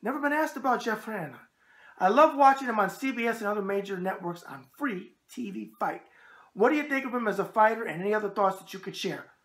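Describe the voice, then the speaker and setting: A man's voice: high-pitched, expressive, fast talker, fairly bright tone. A brash man with a New York accent, hosting a boxing show and answering viewer emails with catchphrases and wisecracks.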